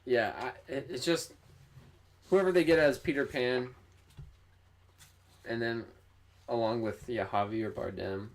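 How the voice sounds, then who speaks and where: A man's voice: mid-range voice, measured pace, long pauses. A man co-hosting a movie podcast, giving chatty, hedging opinions. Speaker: podcast co-host. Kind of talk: casual movie news chat.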